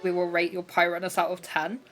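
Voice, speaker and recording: A woman's voice: on the low side, completely flat delivery, fast talker, soft background music, low-quality recording. A young woman streaming a cozy video game, chatting in a bubbly, giggly way and often poking fun at herself. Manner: giggly, bubbly, self-deprecating. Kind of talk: casual live game-streaming chat.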